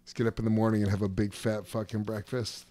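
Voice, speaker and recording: A man's voice: on the low side, little pitch movement, fast, mellow. A man in his forties streaming a game, ranting and swearing in casual chat with a close desk mic. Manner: profane, ranting, self-mocking. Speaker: streamer and comedian.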